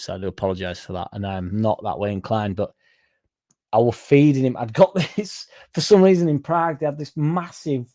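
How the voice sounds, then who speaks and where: Young man, livestream host, sweary and rambling, mid-pitched, dark mellow tone. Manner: rambling, sweary, jumps off on tangents. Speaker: fan channel livestream host. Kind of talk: casual livestream chat reading comments.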